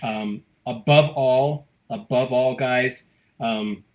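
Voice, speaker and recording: An American man who hosts a local live show, talking fast and cheerfully as he reads out viewer comments. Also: medium pitch, darkish tone. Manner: fast-talking, upbeat, gushing. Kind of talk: casual live-stream chat, reading viewer comments.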